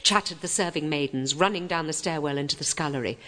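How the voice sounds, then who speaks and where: A woman reading a fairy tale aloud with dramatic, expressive storytelling. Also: deep voice, quick pace, hardly any pauses. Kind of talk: storybook narration. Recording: long reverb.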